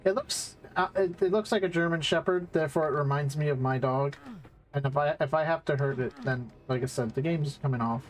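A man's voice: a little high, a little fast. Young man streaming a game, swearing freely. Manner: swears often, reacts loudly, coos at a dog in the game. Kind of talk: casual let's-play commentary.

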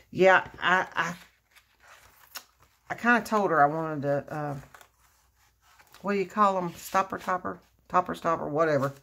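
A woman, her voice sitting on the lower side. She talks at an unhurried, drawn-out pace and gushes with delight over crafts, full of exclamations. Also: vocal fry, pushed and bright. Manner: gushing, effusive exclamations, frequent laughs. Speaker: crafting vlogger opening happy mail. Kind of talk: casual unboxing chat.

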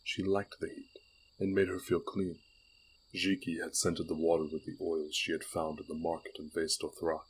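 A man reading an audiobook aloud with steady, unhurried storytelling. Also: low voice, slight background noise, rough recording. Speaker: audiobook reader. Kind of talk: audiobook narration.

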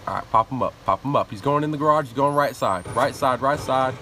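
A man streams a shooter game and comments as he plays, swearing freely and trash-talking the other players. His pitch swings widely as he talks, and a steady noise runs under the recording. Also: fast talker, few pauses. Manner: profane, animated trash talk. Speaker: live streamer. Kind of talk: casual gameplay commentary.

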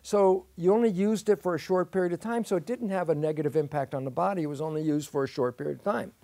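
Older man explaining with lively storytelling. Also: on the high side, fast, dry recording. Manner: lively storytelling, acting out his own questions and answers. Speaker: guest expert. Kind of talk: explanatory interview talk.

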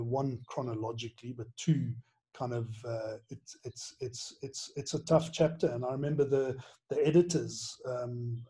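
A middle-aged man, a former headmaster and author, reflecting in an interview with many pauses and restarts. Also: mid-range voice, warm tone. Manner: halting, many restarts, earnest and emotional.

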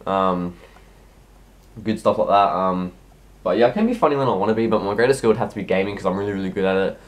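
A sick sixteen-year-old boy with a deep voice coughs as he answers viewer questions in a casual vlog. He talks fast but rambles and hesitates, with plenty of ums and restarts.

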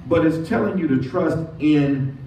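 A man's voice: on the high side, dark tone. A man preaching as pastor, leading call-and-response and stretching out key words. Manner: call-and-response preaching, slow drawn-out emphasis. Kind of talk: sermon. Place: church sanctuary. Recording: distant echoey church sound with dull lo-fi audio and faint noise.

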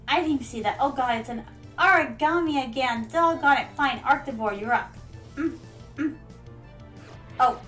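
A woman's voice: high voice, a bit bright, rough recording. A woman streaming a video game, chatting casually and playfully, often calling her viewers "my darlings.". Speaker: VTuber streamer. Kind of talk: casual gameplay commentary.

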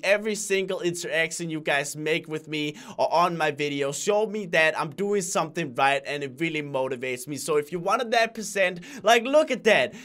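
A man's voice: high voice, a bit bright. A man talking casually and earnestly to his viewers in a vlog, chatty and often calling them guys. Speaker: YouTuber.

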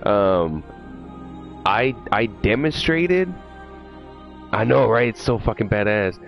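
A man streams a horror game live, rambling to his chat in a loose, profane and jittery way. His voice is very low. Faint game music plays in the background. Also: very animated, slow, creaky, lo-fi sound. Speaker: livestreamer. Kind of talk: casual live gameplay chat.

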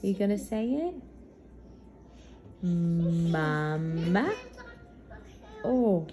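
A young woman filming her children at home on a phone, gently coaxing a baby to talk. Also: on the low side, animated, very slow, a little hiss or hum. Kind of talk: casual home video. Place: family home indoors. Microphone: phone camera.

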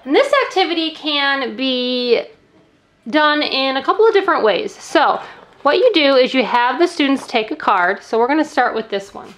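A woman's voice: sits high, animated, normal speed, a bit bright. A woman teacher explaining a classroom math activity in a friendly way, counting aloud step by step. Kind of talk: instructional demo.

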